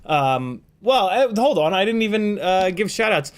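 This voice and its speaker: A man's voice: high voice, lively intonation, moderate pace, hardly any pauses. Tired-voiced man hosting a live stream. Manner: rambling, playful, swearing, frequent ums and throat clearing. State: voice tired and strained. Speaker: livestream host. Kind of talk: casual live-stream chat, reading out viewer names.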